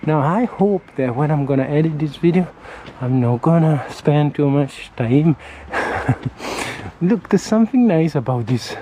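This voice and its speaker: Walking along residential streets with a handheld camera, a male vlogger gives casual, friendly commentary, rambling and pointing things out. His voice is fairly high, expressive and warm, a little slow, and the low-quality recording picks up street noise and passing traffic.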